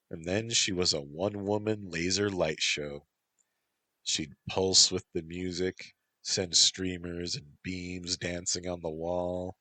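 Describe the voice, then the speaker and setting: A man reading a story aloud in a measured, even way. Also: low-pitched, no room sound. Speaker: narrator.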